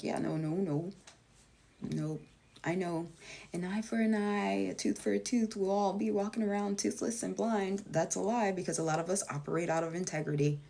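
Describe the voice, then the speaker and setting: A woman with a fairly low speaking voice talks straight to her viewers in a loose, unscripted monologue. She is blunt and emphatic, swears without hesitation, and jumps way up in pitch whenever she acts out what someone else says. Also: creaky, a little mellow. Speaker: vlogger and life coach. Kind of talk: casual spoken monologue.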